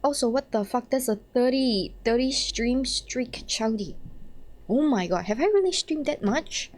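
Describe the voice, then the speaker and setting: A young woman streaming a game, chatting casually, excitable, swearing and laughing at her own mistakes. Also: fairly high pitch, measured pace.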